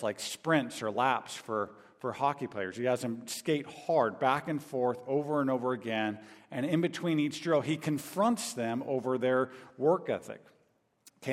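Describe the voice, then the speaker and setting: Male pastor, storytelling sermon full of restarts and "okay?" check-ins, long hall reverb. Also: medium pitch. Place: large church hall.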